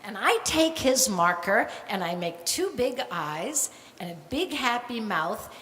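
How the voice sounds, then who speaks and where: An older woman, a grandmother, telling a true story on stage at a live storytelling night, animated and acting out the voices of the people in it. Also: mid-range voice, a little slow, a little hiss or hum. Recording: echoey hall with long reverb, faint ambience.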